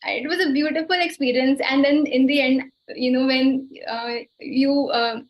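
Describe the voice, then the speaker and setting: A woman's voice: high voice, steady tone, normal speed. A woman sharing a personal spiritual experience on a video call, hesitant and full of fillers. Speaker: workshop participant. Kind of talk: emotional personal testimony. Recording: dull video call audio.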